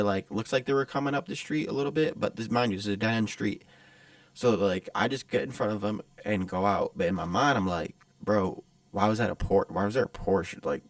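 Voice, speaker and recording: A man's voice: fairly low pitch, dry recording. A man hosting his own podcast, telling a story in a rambling, profane, casual way. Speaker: podcast host.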